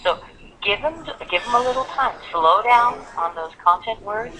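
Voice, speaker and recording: A woman teaching English pronunciation over a video call, animated, acting out examples in put-on voices. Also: fairly high pitch, moderate pace, a crowd in the background. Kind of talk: online English lesson. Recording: phone-like call audio.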